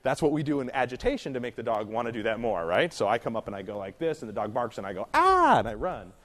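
A man running a puppy class, explaining dog training in a casual, conversational way and acting out little scenes. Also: medium pitch. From California. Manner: conversational, acts out little scenes with quick voices. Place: indoor training class room.

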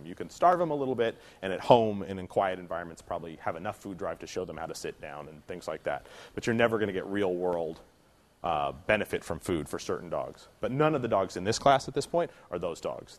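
Man, low voice, dog trainer, casual class talk, acts out scenes. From California. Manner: conversational, acts out little scenes with quick voices. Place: indoor training class room.

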